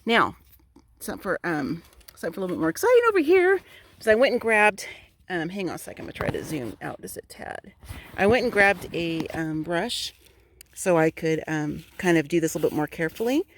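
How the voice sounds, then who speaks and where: A woman vlogging outdoors in bright sun on a phone she holds in one hand, gushing with excitement as she talks her viewers through it. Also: lowish voice, fairly quick, a little hiss or hum. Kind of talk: casual vlog while digging outdoors. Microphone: phone held in one hand.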